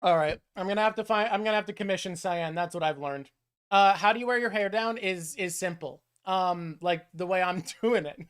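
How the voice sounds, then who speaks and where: A man's voice: sits high, fairly quick, a bit bright, smooth. A man hosting a casual chat with his mother, rambling and self-deprecating. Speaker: host.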